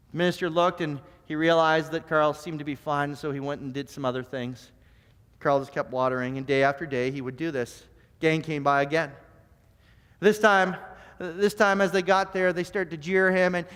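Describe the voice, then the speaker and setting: A man preaching a sermon, telling a story and often repeating words as he starts phrases, swinging between soft and emphatic. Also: sits high. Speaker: pastor. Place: church sanctuary. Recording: long church reverb.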